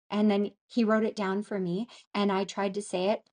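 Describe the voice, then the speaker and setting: A middle-aged woman talks as a guest in a casual interview. Her speech is halting, full of restarts and pauses as she searches for words, in a voice of ordinary middle pitch. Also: flat delivery, darkish tone. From northern Canada. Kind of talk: casual conversation.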